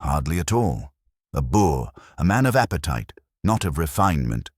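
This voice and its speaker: A man reading a poised, theatrical actress in a husky voice. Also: rumbling low, very animated, moderate pace, no echo, clean studio sound, exaggerated voice. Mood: languid. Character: poised aloof actress woman.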